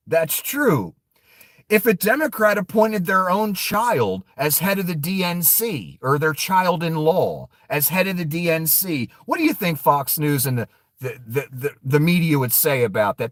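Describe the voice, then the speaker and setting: A man rants casually and profanely, laughing as he goes and talking straight to his viewers. His pitch sits a little high and swings widely. He speaks slowly, and the recording is dry and close. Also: very animated, a bit bright, dry recording. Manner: profane, laughs often, mocking asides to chat. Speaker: political commentary streamer. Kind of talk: casual ranting commentary.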